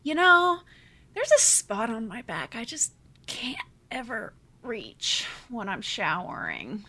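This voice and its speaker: Woman doing a bold young heroine, high and playful, bright voice. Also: wildly swooping pitch, slow pace, full character voice. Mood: coy.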